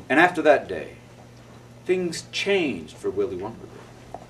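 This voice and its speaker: A man's voice: medium pitch, sing-song, a little slow, fairly bright tone. A male storyteller performing a children's tale dramatically, with gasps and sound effects. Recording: distant mic with faint noise.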